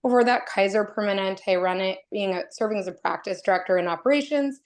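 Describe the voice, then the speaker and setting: A woman's voice: mid-range voice, fast. A woman from Oregon introducing herself to an online committee meeting, earnest and emotional as she talks. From Oregon, USA. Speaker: committee member. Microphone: video call.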